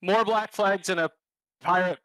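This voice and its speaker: A man's voice: high-pitched, fairly even intonation, measured pace, bright, forceful tone, no room sound, low-quality recording. A Canadian man giving a comic, alliterative trash-talk intro as a league racer. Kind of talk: scripted comic hype intro.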